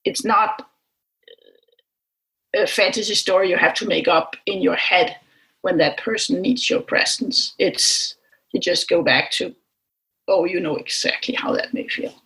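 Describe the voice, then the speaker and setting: A woman who is a mother, a guest on a podcast interview, speaking reflectively with frequent pauses and restarts. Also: fairly low pitch, fairly bright tone, poor audio. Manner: reflective, halting, with many restarts. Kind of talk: conversational interview.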